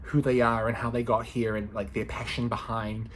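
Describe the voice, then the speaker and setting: A man's voice: lowish voice, flat delivery, normal speed, slight background noise. A man in his thirties, a law student, chatting casually to camera in a playful, slangy way, often breaking into laughter. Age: 30s.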